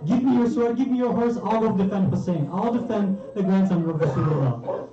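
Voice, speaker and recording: A man's voice: high-pitched, animated, normal speed, a crowd in the background. A man voicing a woman, a fierce and loyal wife who speaks indignantly and commands. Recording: roomy, distant, dull hall recording.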